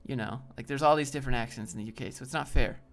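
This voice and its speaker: A man hosts a live stream in a casual, rambling way, reading chat and answering it as he talks. His voice is medium in pitch, a bit bright, with some vocal fry. He's loose and meandering, tossing in quick asides to chat.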